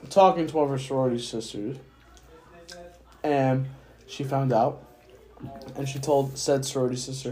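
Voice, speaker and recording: A man's voice: medium pitch, steady tone, moderate pace, pauses often, a little mellow. A drunk young man rambling through a profane story on a casual podcast. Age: young adult. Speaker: podcast host. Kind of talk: casual chat.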